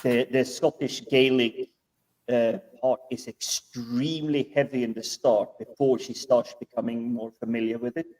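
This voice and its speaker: A man's voice: medium pitch, fairly even intonation, normal speed, a little mellow, recorded from a distance, low-quality recording. A man talking hesitantly with many fillers during a casual panel chat.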